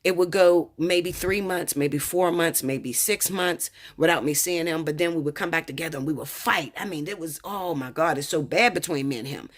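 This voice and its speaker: A woman's voice: sits low, normal speed, hardly any pauses. An American woman tarot reader telling a personal story to her viewers in a blunt, profane, emphatic way, often repeating "okay?".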